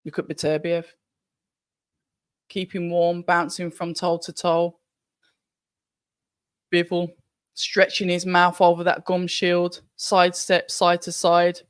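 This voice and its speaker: A woman hosting a live fight watch-along stream, chatty and excitable, talking straight to her viewers. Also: on the low side, takes it slowly, pauses often, clear, resonant tone, no room sound. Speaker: livestream watch-along host.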